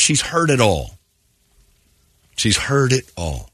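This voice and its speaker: A man's voice: medium pitch, huge pitch swings, takes it slowly, fairly bright tone, breathy edge, no echo. A man hosting a morning radio show, telling a story in casual banter and slipping into quoted voices.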